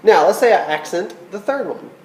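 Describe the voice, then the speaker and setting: A man's voice: sits high, lively intonation, normal speed, roomy sound, noisy background. A man teaching a recorded flute lesson, patient and checking in with "okay?" as he explains. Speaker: band teacher.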